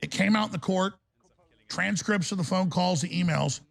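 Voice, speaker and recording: A male talk radio host delivering a heated, ranting monologue in a gravelly voice. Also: high-pitched, moderate pace, a bit bright.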